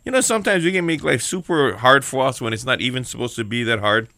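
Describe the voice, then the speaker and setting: A man's voice: mid-range voice, lively intonation, fast, sharp tone, dry recording. A man with a Hawaiian accent giving a casual, joking sermon as host, chatty and playful. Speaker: church devotional host.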